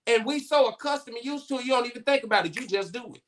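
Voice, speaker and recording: A man's voice: very high voice, rapid-fire, slight background noise. A man co-hosting a casual podcast chat, telling stories bluntly with plenty of profanity and acting out the people in them. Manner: blunt, animated storytelling with profanity. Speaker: co-host.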